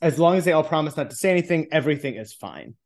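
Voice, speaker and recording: Rapid-fire and expressive, this man's voice is on the high side as he co-hosts a podcast. It's a light, comedic book discussion, and he tosses in wry comments while reading excerpts from the book aloud.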